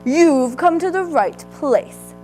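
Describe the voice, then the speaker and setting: Lady putting on a hungry fox guy, loud and growly, gloating, slow lively storybook voice. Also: sits high, soft background music, pitched above the performer's own voice, low-quality recording. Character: hungry greedy male fox, gruff and eager.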